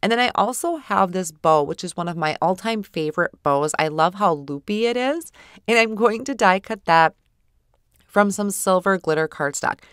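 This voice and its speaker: A woman with a congested cold voice explaining a craft project step by step in a relaxed voice-over, now and then stumbling over her words. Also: medium pitch, normal speed, clean tone, no room sound, clean studio sound. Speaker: craft tutorial presenter.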